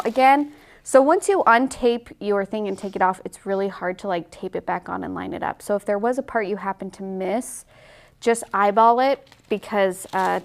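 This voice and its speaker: A woman's voice: mid-range voice, creaky, slight background noise. A woman in her thirties teaching a watercolor tutorial in a casual, chatty way, often saying "like" and laughing easily. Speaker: watercolor instructor.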